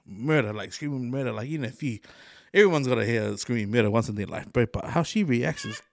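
A man's voice: mid-range voice, fast talker, gravelly, no echo, clean studio sound. A New man hosting a podcast, telling stories in casual chat with lots of swearing and laughter. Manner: animated storytelling, swears often, laughs mid-sentence. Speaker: podcast host.

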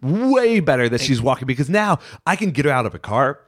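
A man co-hosting a casual podcast chat, animated and quick to laugh as he tells family stories. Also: medium pitch, no echo, studio quality. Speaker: co-host, pastor.

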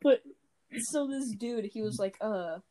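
A woman's voice: a little high, a little slow, a crowd in the background. A woman on a casual podcast, telling a long story with lots of fillers and restarts, talking over a voice call. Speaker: podcast co-host. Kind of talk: casual chat.

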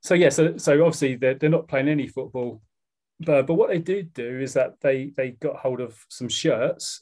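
A man with a South East London accent talks in a loose, rambling way, full of fillers and restarts. His pitch sits in a plain middle range. He sounds like a podcast co-host in relaxed chat. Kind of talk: casual chat.

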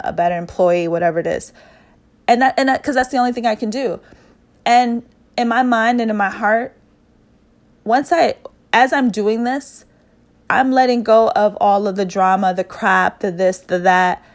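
A woman speaking in a reflective personal monologue. She talks earnestly, repeats phrases for emphasis and often pauses on fillers. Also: mid-range voice.

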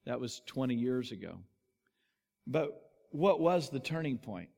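A man's voice: medium pitch, expressive, measured pace, gravelly, a little mellow. A man preaching a sermon, telling a story with animation and acting out the quotes. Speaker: pastor. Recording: long hall reverb.

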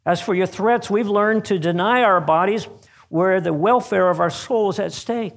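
Guy doing the soldiers, steady and defiant, respectful, not much acting. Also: sits high, normal speed, gravelly, pitched above the performer's own voice. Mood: resolute. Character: group of resolute Christian soldiers, men.

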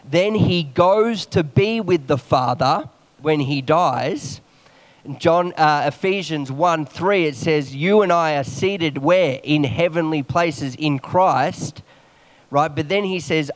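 A man preaching a morning sermon quickly, reading scripture aloud and adding quick asides and jokes. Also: on the high side.

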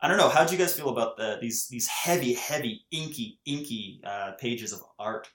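A man's voice: mid-range voice, moderate pace, a bit bright. A man hosting a casual book discussion, chatty and steering the conversation. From Canada. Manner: chatty, leads the talk. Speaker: podcast host. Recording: roomy echo.

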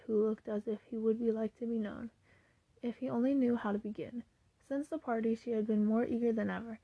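A woman reading a classic novel aloud at a steady pace, now and then restarting a phrase. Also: on the high side, breathy edge, no echo, lo-fi sound. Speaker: audiobook reader.

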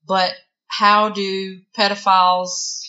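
Woman podcast co-host, bright low-ish voice, reads case notes, hiccups, slightly dull recording. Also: flat delivery, slow pace. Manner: reads facts aloud, with hiccups and giggles. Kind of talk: true crime podcast chat, reading notes.

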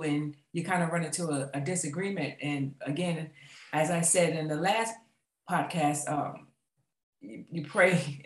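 Halting woman host, echoey room. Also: lowish voice. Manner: questioning, halting, many ums. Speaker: podcast host. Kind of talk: casual faith podcast talk.

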